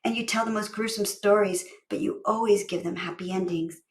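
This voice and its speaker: A woman voicing a bright, playful young schoolgirl who loves big words, in an eager, teasing manner. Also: mid-range voice, fairly even intonation, brisk, lightly acted. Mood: chirpy, teasing.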